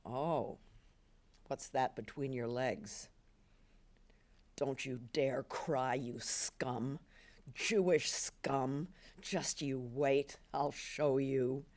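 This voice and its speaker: A woman voicing a cruel young farm man, speaking slowly, low and threateningly. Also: a little mellow, full character voice. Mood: menacing.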